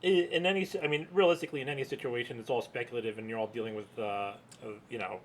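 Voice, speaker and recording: A man's voice: medium pitch, fairly even intonation, racing, slight background noise. A man co-hosting a casual podcast, chatty and joking, laughing often. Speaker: podcast co-host. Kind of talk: casual chat.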